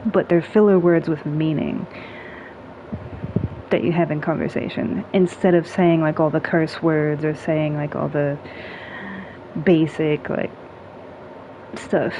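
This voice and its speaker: A woman in a casual chat, talking in a relaxed, chatty way with many "like"s and little humming sounds. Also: deep voice, slow pace, long pauses. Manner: relaxed, chatty, heavy use of "like" and hums; playful with tone, acting out little sounds. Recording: dull lo-fi sound with faint noise.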